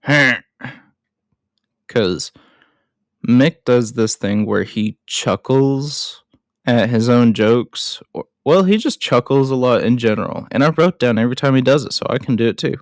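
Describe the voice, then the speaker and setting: A man's voice: mid-range voice, moderate pace, dry recording, studio quality. A man hosting a casual film recap, chatty and self-deprecating with frequent asides.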